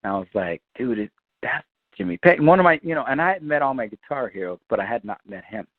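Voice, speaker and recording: A man, a guitarist, telling an animated, profane story and acting out the other people's voices. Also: medium pitch, quick pace, no room sound, phone-quality sound. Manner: lively, swears freely, acts out quoted voices.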